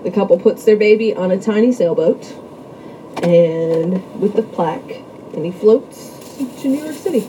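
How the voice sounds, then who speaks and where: A woman's voice: mid-range voice, a little slow, warm tone. Woman recapping a movie plot, noisy line. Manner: reads out a plot summary, laughs often. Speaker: podcast co-host. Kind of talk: casual movie-recap chat.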